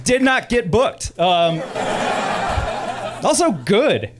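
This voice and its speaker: Animated stand-up comic on a club stage. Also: male voice, sits high, drawn-out words, heavy background noise. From Chicago. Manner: animated, exclaiming, laughing through lines. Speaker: stand-up comedian. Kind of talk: stand-up comedy set. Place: comedy club stage with audience.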